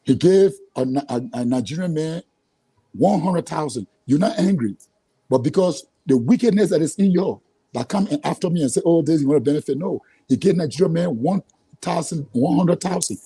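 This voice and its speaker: Frustrated liberian guy ranting in an interview, keeps restarting words, pretty high voice, super dry close sound. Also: expressive, normal speed, dark tone, slightly rough, dry recording, low-quality recording. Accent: Liberian English. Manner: angry, repetitive, stammering restarts. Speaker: interview guest. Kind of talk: heated conversational interview.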